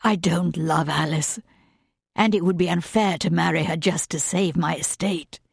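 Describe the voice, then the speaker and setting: A woman voicing a sincere, humble gentleman suitor in an audiobook reading. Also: fairly low pitch, normal speed, vocal fry, slightly rough, no room sound, studio quality. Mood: earnest. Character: earnest gentleman suitor, man, heartfelt and humble. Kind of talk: audiobook narration.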